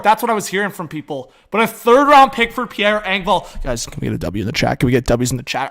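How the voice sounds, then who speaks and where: A young man reacts live on stream, excitable and full of slang, and keeps calling out to his chat. His voice sits high and sounds bright and edgy, with big jumps in energy. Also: a little fast, hardly any pauses. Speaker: livestream hockey commentator.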